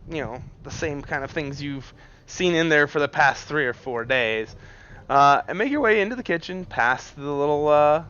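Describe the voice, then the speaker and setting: Laughing, swearing game-master man, bright voice. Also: a little high, animated, normal speed, smooth. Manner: laughs often, swears casually. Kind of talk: narrating a tabletop game. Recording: dull lo-fi mic.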